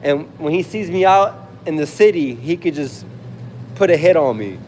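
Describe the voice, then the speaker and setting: A man's voice: a little high, expressive, normal speed, a little mellow, long reverb tail, slight background noise. Casual young man telling a story. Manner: laid-back storytelling, acts out quotes, laughs often. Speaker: livestreamer. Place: home.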